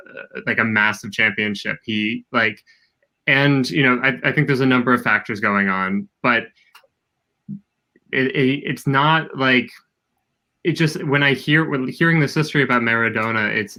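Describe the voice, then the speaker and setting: A man from Argentina, the show's producer, talking casually in a rambling, halting way. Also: mid-range voice, sharp tone. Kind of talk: casual conversation.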